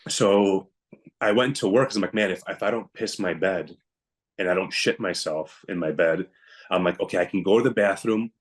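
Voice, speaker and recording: A man's voice: low-pitched, moderate pace. A young adult man, a podcast guest, telling an emotional personal story in a blunt, emphatic way and often quoting himself.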